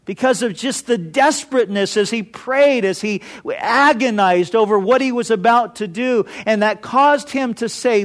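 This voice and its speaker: A man's voice: high voice, measured pace, hardly any pauses. A man preaching an earnest, impassioned sermon, building through repeated phrases. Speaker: pastor.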